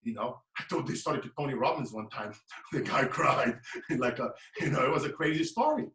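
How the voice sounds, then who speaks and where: A man's voice: medium pitch, lively intonation, a little fast, sharp tone. A man, giving a preaching, emphatic motivational talk as a guest speaker. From Brazil. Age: late 30s. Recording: echoey room, mic at a distance.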